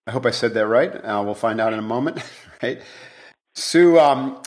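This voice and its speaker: A man hosting a podcast in a casual, upbeat manner, chatty and quick to joke. His voice sits at an ordinary middle pitch. He leads the interview with easygoing questions. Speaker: podcast host.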